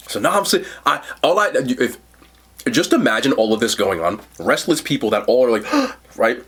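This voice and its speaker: A man vlogging a food review, telling a story in a casual, animated way and calling his viewers bro and y'all. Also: mid-range voice, moderate pace, breathy edge.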